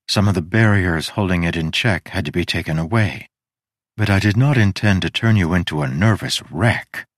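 A man voicing an ageless goddess, measured and faintly wry, in an audiobook reading. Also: on the low side, no echo, studio quality, lightly acted. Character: ageless woman goddess, cool and frank.

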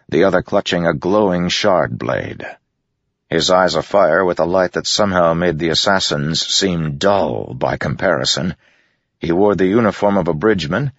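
Brief: low-voiced male audiobook narrator, dramatic steady read, dry and dull recording. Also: husky, dry recording. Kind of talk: scripted fantasy narration.

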